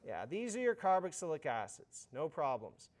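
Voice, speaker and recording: Male university chemistry lecturer, high-pitched, casual and jokey with students. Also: sing-song, moderate pace. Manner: informal, joking, frequent restarts and "right?". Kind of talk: classroom lecture. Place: lecture hall.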